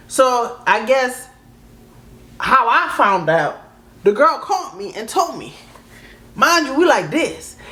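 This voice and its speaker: A woman in her thirties hosting a reaction video, chatting in a sassy, animated way and laughing often as she tells her own story. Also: fairly low pitch. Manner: laughing often, sassy, calls listeners "baby".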